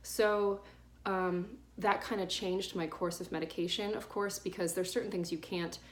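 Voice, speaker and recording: A woman's voice: fairly low pitch, steady tone, moderate pace, a little hiss or hum. Woman, young adult, casual storytime vlog, rambling, many restarts. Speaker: vlogger.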